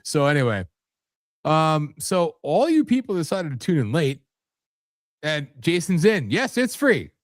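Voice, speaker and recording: A man's voice: on the high side, very animated, a little slow, long pauses, no room sound, clean studio sound. A man hosting a live internet radio show with an American accent, rambling and cursing in casual, self-deprecating chat. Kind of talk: casual late-night chat.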